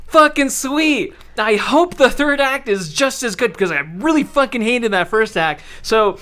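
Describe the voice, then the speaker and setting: Man, podcast host, animated ranting, swears freely, high voice, crisp tone. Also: moderate pace. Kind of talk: casual film discussion.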